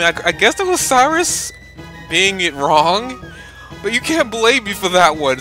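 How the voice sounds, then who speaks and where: A young man giving excitable let's play commentary, given to sudden outbursts as he plays blind. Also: high-pitched. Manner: excitable, prone to loud outbursts. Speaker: game streamer.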